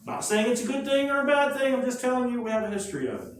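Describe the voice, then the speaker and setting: A man's voice: very high-pitched, very fast, very echoey. Guy lecturing history like a story, lots of rhetorical questions, faint room noise, far from the mic. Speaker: history teacher. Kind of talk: classroom lecture.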